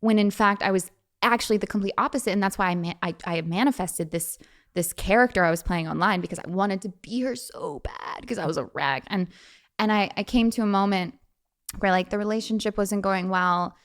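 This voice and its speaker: A young woman as a podcast guest, telling personal stories in a chatty way with lots of fillers and quick laughs. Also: medium pitch. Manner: chatty, frequent fillers, quick laughs, acts out quoted voices. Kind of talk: casual storytelling.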